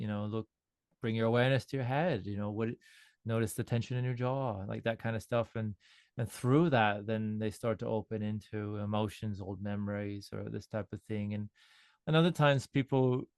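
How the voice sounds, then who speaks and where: A man, a sound healer, talking in a relaxed, rambling way with frequent restarts during an interview. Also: on the low side, clear, resonant tone, no echo. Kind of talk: casual interview talk.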